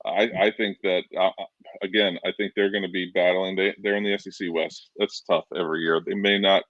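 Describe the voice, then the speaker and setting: A man's voice: sits low, level tone, fairly quick, no echo, muffled recording. A man co-hosting a casual sports talk show, earnest, often restarting his sentences and repeating himself. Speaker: podcast co-host.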